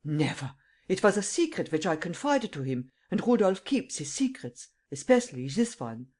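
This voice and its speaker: A narrator voicing a poor, excitable old German man with a German accent who stammers and splutters in bursts. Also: sits high, normal speed, pitched above the performer's own voice. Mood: alarmed. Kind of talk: audiobook character voice.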